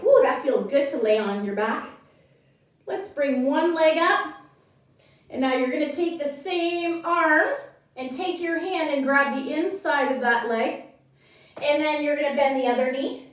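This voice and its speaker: A woman teaching a children's yoga class, giving bright, encouraging instructions while reading a story. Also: high-pitched. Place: yoga studio. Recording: echoey room, from far off.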